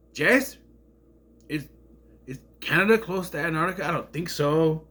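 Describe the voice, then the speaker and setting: A man's voice: on the high side, a little slow, pauses often, pushed and bright. A man casually recapping an episode, rambling and sarcastic, getting indignant over plot holes. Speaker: show reviewer.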